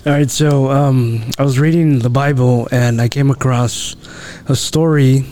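A man's voice: mid-range voice, steady tone, a little slow, warm tone. A man co-hosting a casual faith discussion, retelling a Bible story and acting out the quoted lines, with frequent "you know".

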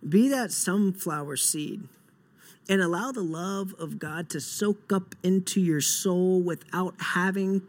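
A young man preaching a sermon earnestly, moving between soft, slow passages and loud, emphatic bursts. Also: sits high. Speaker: pastor.

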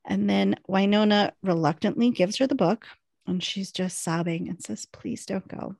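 A middle-aged woman co-hosting a podcast chats casually while recapping a TV episode, animatedly retelling scenes and acting out lines. Her medium-pitched voice is gravelly and she speaks at normal speed, in a dry, clean studio recording.

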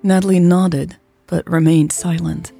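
A woman narrating a serialized romance story in a soft, unhurried reading voice. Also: on the low side, flat delivery, creaky, soft background music. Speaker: podcast storyteller.

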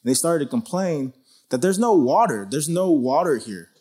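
Man teaching the Bible casually, higher voice. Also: lively intonation, moderate pace, warm tone, breathy edge. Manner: conversational, full of "like" and "you know", acts out quotes.

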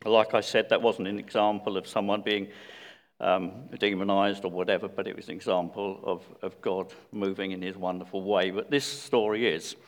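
A man preaching a sermon in a church, talking conversationally with hesitant pauses and restarts. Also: sits low, flat delivery. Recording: long reverb of a church hall.

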